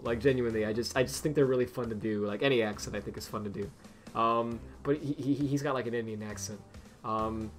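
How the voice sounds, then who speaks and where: A man's voice: medium pitch, a bit bright. A young man chatting casually on a game stream to his viewers, rambling with many laughs. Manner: rambling, lots of fillers and restarts, quick laughs. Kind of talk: casual live-stream chat.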